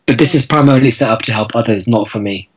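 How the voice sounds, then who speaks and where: A man's voice: medium pitch, fast talker, husky, rough recording. A man speaking as a guest in a casual interview, earnest and thoughtful, restarting his words now and then. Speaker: guest blogger.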